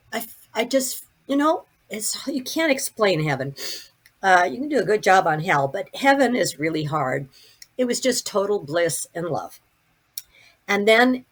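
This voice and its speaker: Husky older woman telling her story. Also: fairly low pitch. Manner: vivid, animated retelling with many restarts. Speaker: podcast guest. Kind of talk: personal storytelling.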